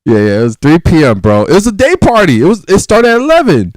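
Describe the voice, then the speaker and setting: Guy telling a wild party story, super animated, jumps high and low doing quotes, dry close sound. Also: fast, dry recording. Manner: animated, acts out quotes, laughs often. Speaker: guest. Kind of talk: casual storytelling.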